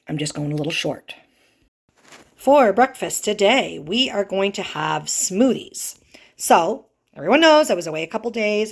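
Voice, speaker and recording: A woman from Canada chatting casually through a home kitchen vlog, explaining recipes step by step with plenty of enthusiasm. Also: mid-range voice. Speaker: vlogger.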